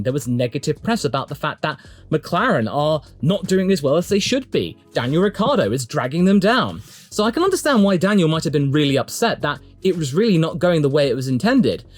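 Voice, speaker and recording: A man delivering chatty, opinionated solo commentary for an online video, emphatic and swinging his pitch for emphasis. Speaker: motorsport YouTube commentator.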